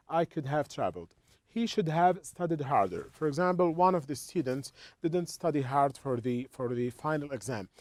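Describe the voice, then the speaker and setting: A man walks students through English grammar, restarting phrases and repeating small words. His voice sits a little high, and the recording is dry and close with no room sound. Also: darkish tone, no echo. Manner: halting, repeats words while explaining. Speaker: English teacher. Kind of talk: explaining a textbook lesson.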